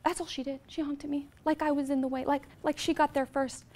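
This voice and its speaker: A woman in her forties giving an inspirational presentation to a live audience, telling heartfelt stories in an animated way. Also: high-pitched, quick pace. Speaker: motivational speaker.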